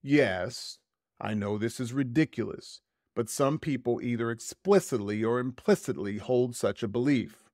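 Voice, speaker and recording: A male podcast host reads a prepared essay in a steady, mid-range voice. His delivery is measured and deliberate, slowing noticeably to stress key words, and the recording is dry and close with no room sound.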